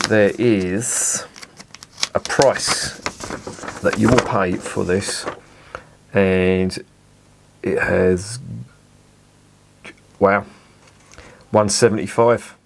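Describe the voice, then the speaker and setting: A man with a slightly low voice talks through a beer tasting in a relaxed, rambling way. He savours each sip and circles back on his points, stopping now and then to pick the right word. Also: extremely slow, pauses often, background noise. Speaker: beer reviewer. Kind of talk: casual tasting review to camera.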